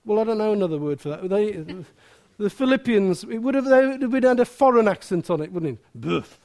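A man's voice: sits high, animated, a little fast, darkish tone. A man preaching a sermon, chatty and self-mocking, often asking his listeners questions.

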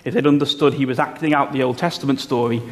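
A man's voice: medium pitch, fairly even intonation. Preacher man in a reverberant hall. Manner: explanatory, measured, with slowed emphasis on key phrases. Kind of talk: sermon. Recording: long hall reverb, faint room noise.

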